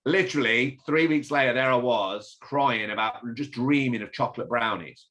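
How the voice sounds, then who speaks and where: A man from England, a fitness event founder, chatting as a podcast guest, lively and blunt, with the odd swear word. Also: mid-range voice, a little fast, hardly any pauses. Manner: animated, swears, storytelling. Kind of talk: casual interview chat.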